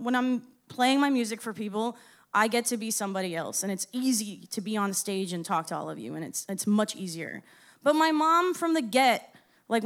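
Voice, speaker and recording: A young woman from Florida, a musician telling a lively, rambling story on stage with laughs and swearing. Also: fairly high pitch, clean tone. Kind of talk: live storytelling to an audience.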